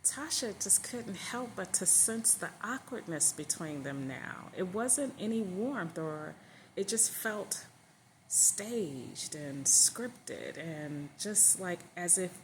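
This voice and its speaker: A woman's voice: fairly low pitch, expressive, slow. Woman telling a story over hiss. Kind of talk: casual spoken storytelling.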